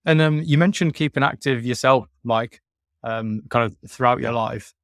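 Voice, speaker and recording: A man's voice: mid-range voice, unhurried, no room sound. Man hosting, dry close sound. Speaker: podcast host. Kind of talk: interviewer asking questions.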